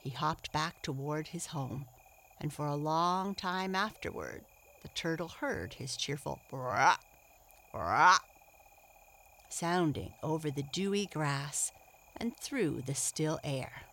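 Slow, gentle woman storyteller. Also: low voice. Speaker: narrator. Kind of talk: storybook narration.

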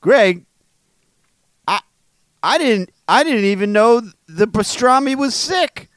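A man co-hosts a word podcast in relaxed chat. He speaks slowly in a fairly high voice, trading goofy puns and laughing at them. The recording is close and dry. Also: dry recording. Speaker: podcast co-host. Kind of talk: casual chat.

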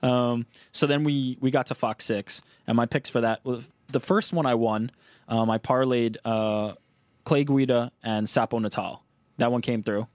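Man recapping his bets in a relaxed ramble. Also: mid-range voice, moderate pace, no echo. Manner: rambling, numbers-heavy recap. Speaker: co-host with betting segment. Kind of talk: casual chat.

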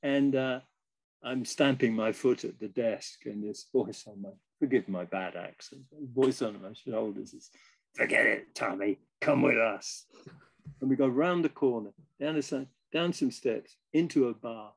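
Older man with a gravelly storytelling voice. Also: mid-range voice, normal speed. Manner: lively anecdotal storyteller, slips into quoted voices. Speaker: guest musician. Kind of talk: casual storytelling.

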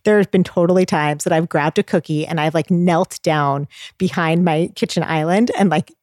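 A woman in her thirties talking as a guest, explaining child feeding in an earnest, animated way. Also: fairly low pitch, normal speed, no room sound, clean studio sound. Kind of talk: casual advice chat.

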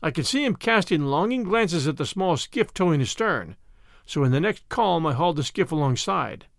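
A man narrating an adventure audiobook with an expressive, dramatic delivery. His voice sits a little high and moves a lot in pitch. The sound is dry and close, with no room around it. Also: moderate pace, vocal fry, no echo. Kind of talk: first-person scripted narration.

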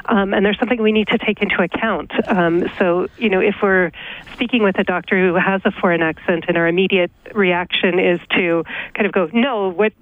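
A woman's voice: mid-range voice, fairly even intonation, no echo. Woman on a tinny phone line. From Canada. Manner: careful, explanatory, pauses to think. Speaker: psychology professor, guest. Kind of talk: radio interview over the phone. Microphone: telephone.

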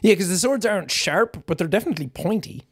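A man's voice: high-pitched, quick pace, no room sound, clean studio sound. A young man co-hosting a podcast, talking casually and animatedly, prone to slipping into impressions. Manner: chatty, animated storyteller who breaks into impressions. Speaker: podcast co-host. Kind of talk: casual chat.

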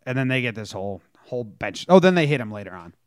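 Male sports podcaster, animated storyteller, dry studio sound. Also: mid-range voice, fast talker, clear, resonant tone, dry recording. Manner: animated storytelling, acts out players' lines. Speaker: podcast co-host. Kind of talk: casual sports chat.

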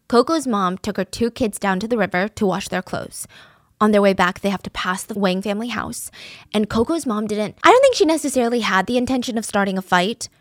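A woman's voice: mid-range voice, vocal fry, no room sound, studio quality. Chatty woman retelling a true crime story. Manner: chatty, animated, acts out quotes. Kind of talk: casual storytelling.

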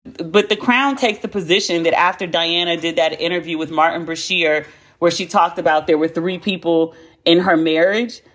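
Blunt, animated woman in her forties. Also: lowish voice, moderate pace. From United States. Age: 40s. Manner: animated, blunt and profane, with emphatic repetition. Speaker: podcast host. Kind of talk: casual chat.

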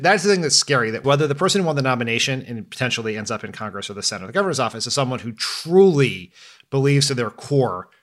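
A man co-hosting a political podcast, talking in quick bursts with plenty of emphasis. His voice sits at an ordinary middle pitch, and he sounds lively and animated throughout. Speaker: podcast co-host. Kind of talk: casual political chat.

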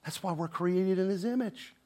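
A man preaching a sermon, swinging between loud proclamation and hushed, intense passages, with conversational asides and repeated words. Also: sits high, normal speed. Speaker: pastor.

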